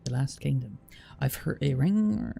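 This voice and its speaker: A man's voice: mid-range voice, expressive, measured pace, vocal fry, dark tone, husky, soft background music. A man from Bristol with a rhotic West Country accent, chatting casually and curiously on a livestream, rambling with restarts and fillers. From Bristol, England. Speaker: streamer chatting with a guest.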